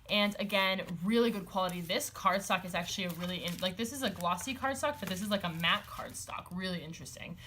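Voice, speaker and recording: A woman's voice: mid-range voice, a bit bright, slight background noise. A woman in a casual chat, showing off a stationery haul, rambling with many fillers and restarts, and gushing over the items.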